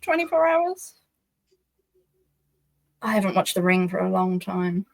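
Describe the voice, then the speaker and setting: A woman's voice: fairly low pitch, flat delivery, brisk, creaky, darkish tone, no echo, low-quality recording. Giggly woman guest thinking aloud. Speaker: podcast guest. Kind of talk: casual podcast chat.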